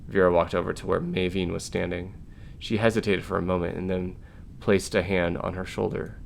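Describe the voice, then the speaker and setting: Deep gravelly man reading a game aloud. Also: little pitch movement, brisk, slight background noise. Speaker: game reviewer.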